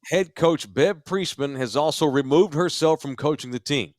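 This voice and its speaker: A man co-hosting a casual sports podcast from a studio, talking in an animated, profane way and laughing easily. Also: a little high, normal speed, dry recording. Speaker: podcast co-host.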